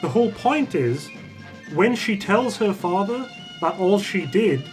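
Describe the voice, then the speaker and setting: A man's voice: high-pitched, very animated, unhurried, over music. Sarcastic man recapping a bad film. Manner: sarcastic, swears freely, laughs while retelling scenes. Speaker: podcast host reviewing a bad movie. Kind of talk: casual comedic movie recap.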